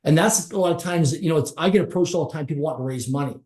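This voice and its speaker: A man's voice: a little high, rapid-fire, darkish tone. A middle-aged man telling a motivational story as a podcast guest, stacking short repeated phrases for emphasis. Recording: roomy echo.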